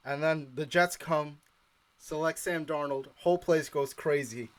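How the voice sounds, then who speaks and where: Lively man telling a football story. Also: a little high, slow, pauses often. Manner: animated storyteller who acts out his own past reactions; laughs often. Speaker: co-host of a sports show. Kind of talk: casual live-stream chat.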